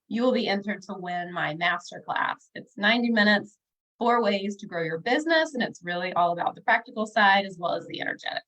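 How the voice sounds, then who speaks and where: A woman's voice: medium pitch, fairly bright tone, rough recording. A woman in her thirties, a bookkeeper and business coach, talking casually and upbeat to viewers on a livestream, with plenty of fillers. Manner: chatty and upbeat, with frequent fillers, speaking directly to viewers.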